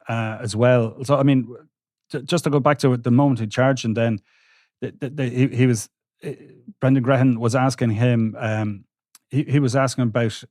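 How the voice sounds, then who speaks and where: A man, a court reporter recounting trial testimony on a podcast with halting restarts. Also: mid-range voice, darkish tone, dry recording, clean studio sound. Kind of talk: podcast discussion.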